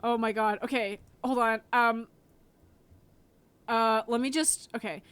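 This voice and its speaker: A woman's voice: on the high side, steady tone, unhurried, fairly bright tone, clean tone, dry recording. Woman, podcast co-host, casual chat, hesitant and flustered, dry close sound. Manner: flustered, dithering with many ums.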